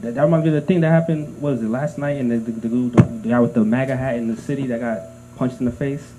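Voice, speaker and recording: A man in a casual chat with friends, rushing his opinions out with lots of fillers. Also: medium pitch, fairly even intonation, very noisy. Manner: rapid talk with many fillers. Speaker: podcast co-host.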